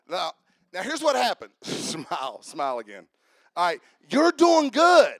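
A man preaching a sermon as pastor, lively and interactive, calling on his congregation to answer and come up front. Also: a little high, no room sound, clean studio sound. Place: church.

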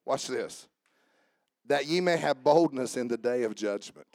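A man preaching a sermon. He jokes with the congregation and swings from soft asides to raised calls. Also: mid-range voice, animated, a little slow, dry recording, clean studio sound. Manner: joking with the congregation. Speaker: pastor. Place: church service with instrument behind.

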